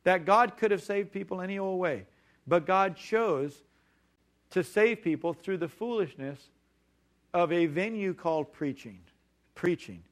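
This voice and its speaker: A male pastor delivering a sermon in a voice sitting a touch above the usual male range. He hammers on key words, repeats them and slows right down on the phrases he wants to land. When he quotes other people, he drops into a lower, quieter tone. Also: expressive.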